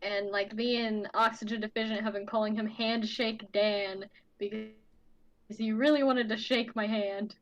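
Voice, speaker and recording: A woman's voice: medium pitch, steady tone, moderate pace, highs cut off. A woman guest chatting casually on a livestream, telling work stories with many "like" fillers. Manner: chatty storyteller, lots of "like" fillers. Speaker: guest artist.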